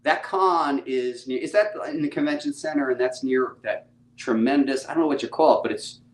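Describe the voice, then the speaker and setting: A middle-aged man, a comic book publisher, chatting casually and excitedly with viewers on a live stream, using laid-back slang. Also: mid-range voice, fairly quick, slight background noise, low-quality recording.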